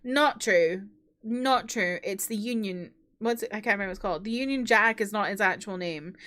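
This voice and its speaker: A woman's voice: medium pitch, fast, pushed and bright. A woman streamer giving casual let's play commentary with chatty, laughing asides.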